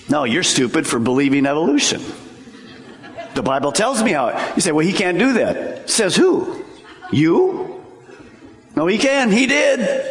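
A man preaching a sermon as pastor, emphatic and animated, joking with his congregation. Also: sits high. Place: church sanctuary. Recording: echoey church hall.

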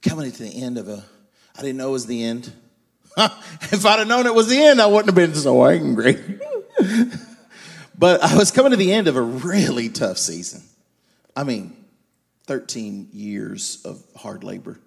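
A man preaching a sermon, swinging between loud emphatic lines and quiet confiding storytelling. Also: mid-range voice, moderate pace, vocal fry, pauses often, slightly rough. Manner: animated, loud and emphatic, then quiet and confiding when telling his story. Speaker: guest preacher.

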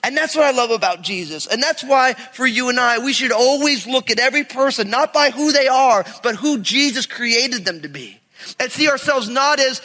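A man from New York preaching a sermon as pastor, animated and conversational, acting out stories. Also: extremely high pitch, moderate pace, in a large hall. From New York area. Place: church sanctuary.

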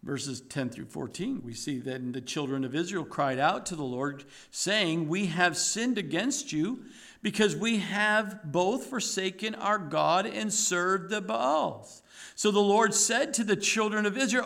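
A man preaching a sermon in an animated, emphatic way, full of rhetorical questions. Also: sits high, measured pace, gravelly.

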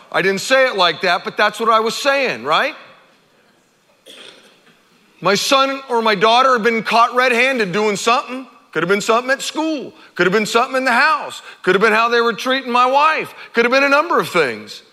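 A middle-aged man preaching a sermon as pastor, conversational and animated, acting out quotes. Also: very high-pitched, moderate pace. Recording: long hall reverb.

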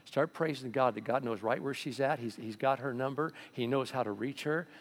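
A man's voice: medium pitch, moderate pace. A male pastor preaching a sermon, telling stories and acting out the voices in them. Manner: storytelling, animated, acts out voices.

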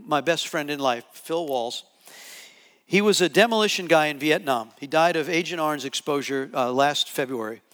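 A man preaching a sermon to a live audience, telling a story with lively acted-out quotes. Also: fairly high pitch, moderate pace. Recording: long hall reverb.

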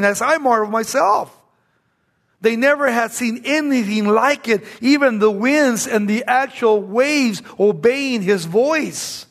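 A man preaching a sermon, swinging between raised exclamations and hushed, low-spoken lines.

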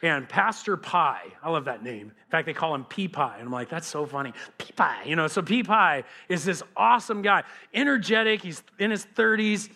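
A man preaching as a pastor, animated and conversational, speaking straight to his congregation. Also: sits high, moderate pace, gravelly, few pauses. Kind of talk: sermon.

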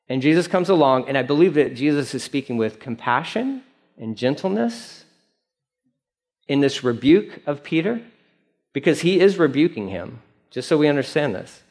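A male pastor preaching a sermon in an animated, conversational way, with frequent fillers. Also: medium pitch, normal speed.

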